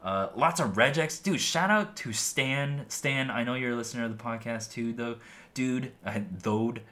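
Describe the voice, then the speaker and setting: A man's voice: medium pitch, moderate pace, bright, forceful tone. A young man hosting his own podcast in casual, rambling talk full of "like" and "um", his voice a bit worn as he is losing it. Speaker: podcast host.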